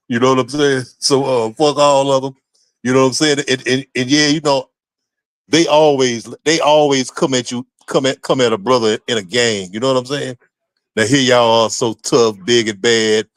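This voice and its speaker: A man co-hosts a talk radio show in a blunt, profane, conversational way, leaning on repeated filler phrases. His voice sits at a middle pitch and sounds dry and close, with no room echo. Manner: blunt, profane, repeats "you know what I'm saying". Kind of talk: casual opinion talk.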